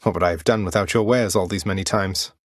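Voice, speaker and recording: An actor playing a wry, good-natured young prince of the underworld, with a dry, polite manner in game voice lines. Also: male voice, sits low, fast, no room sound. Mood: joking. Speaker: video game protagonist. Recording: dry studio recording.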